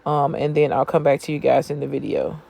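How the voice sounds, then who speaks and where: A man's voice: a little high, little pitch movement, a little fast, creaky, a little mellow. A man hosting a craft tutorial in a casual voiceover recorded on his phone. He sounds sleepy and talks in a chatty, folksy way, calling the viewers y'all. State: sleepy, yawning. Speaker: craft channel host.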